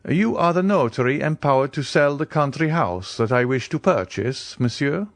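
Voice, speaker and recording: A man reading an audiobook voices a calm, wealthy count who gives orders offhandedly, with a lively, rising delivery. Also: on the high side, moderate pace, no room sound, clean studio sound, pitched above the performer's own voice. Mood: nonchalant. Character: cool, wealthy nobleman buying a house.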